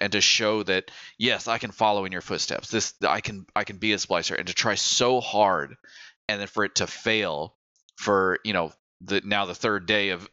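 A tearful male podcast co-host rambles effusively, restarting his sentences. His voice is low in pitch yet bright and forceful. The recording sounds dry and a little dull. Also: clean tone, no echo. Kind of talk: casual chat.

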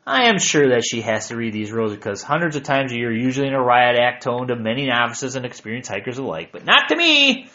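A man's voice: mid-range voice, sing-song, quick pace, few pauses, sharp tone, dull audio. A man narrating his hiking journal aloud with wry, self-mocking humor.

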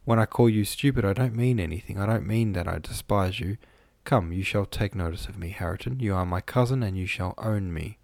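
Guy reading a sulky pleading young woman from a storybook, low-ish voice nudged up, dry room. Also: brisk, gravelly, hardly any pauses, a little mellow, no room sound. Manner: earnest and coaxing, then tearful.

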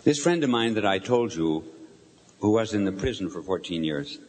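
An older man, a bishop, preaching a sermon to a live audience, telling a story with lively questions to the crowd. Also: on the low side, moderate pace, slight background noise. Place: large hall before a live audience. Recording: long hall reverb.

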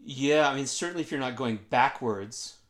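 A man with an average-pitched voice tells a long story in conversation. He is animated and self-mocking, slipping into the voices of the people he quotes. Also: normal speed. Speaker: guest.

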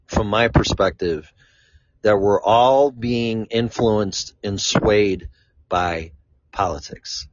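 A vlogger from Chicago, USA, speaks slowly in a fairly low-pitched voice, delivering a casual, rambling monologue that's blunt and loaded with swearing. The recording is dull and lo-fi, with a dry sound and no echo.

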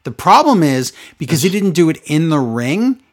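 A man talks in a casual podcast chat, and his pitch jumps up and down a lot as he goes. He rants with sarcastic exasperation, throwing out incredulous questions. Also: sing-song, moderate pace. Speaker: podcast co-host recapping wrestling.

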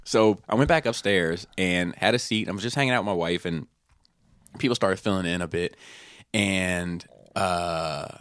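A man with a very low voice tells a meandering story in casual podcast chat, stacking fillers and cursing along the way. The sound is close and dry, with no room around it. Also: moderate pace, fairly bright tone, clear, resonant tone, dry recording. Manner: rambling storyteller, swears freely, many fillers. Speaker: podcast host.

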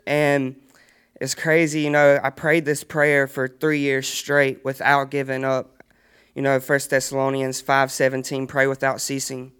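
A man's voice: medium pitch, completely flat delivery, a little slow, a bit bright, clear, resonant tone. A young man telling his personal faith testimony earnestly in a casual chat, often laughing as he speaks. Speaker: guest sharing testimony.

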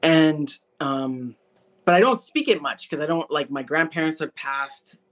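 A woman from Manitoba, a podcast guest telling her faith testimony, acting out conversations with lively animation. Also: deep voice, a little slow. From Manitoba, Canada. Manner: animated storyteller who acts out conversations. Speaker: interview guest.

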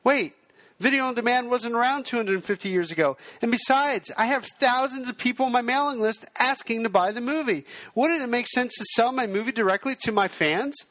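A man's voice: very high-pitched, a little fast, fairly bright tone, no room sound, pitched above the performer's own voice. A man voicing a skeptical young male filmmaker who protests with rising questions. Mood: indignant.

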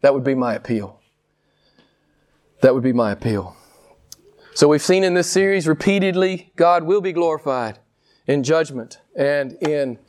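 A man preaching a sermon with passion, firing rhetorical questions and swinging widely between slow, emphatic lines and quick ones. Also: animated, a little mellow. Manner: impassioned preaching, rhetorical questions, big swings in pitch and pace. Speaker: pastor.

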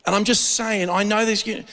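A man giving a conversational sermon, telling lively, joking stories and acting out quotes. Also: high voice, measured pace. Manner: animated storytelling with jokes and acted-out quotes. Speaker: preacher. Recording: long hall reverb.

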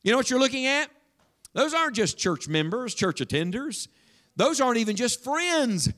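High-voiced preacher addressing his congregation. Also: sing-song, moderate pace. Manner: emphatic preaching with sudden drops to a hush; speaks directly to the congregation with questions. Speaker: pastor. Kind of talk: sermon. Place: church sanctuary with congregation.

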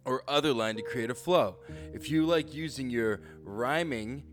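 Man, co-host reading tips, mid pitch, faint music behind. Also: moderate pace, fairly bright tone. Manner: reads tips aloud with jokey asides, tags lines with "right?". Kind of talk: casual comedic chat reading tips.

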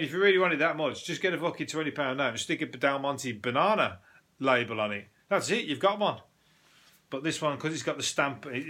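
A man's voice: medium pitch, sharp tone. A man hosting a solo podcast, running through odd news stories in a sweary, mocking way and laughing at his own jokes. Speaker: podcast host. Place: at home, no video.

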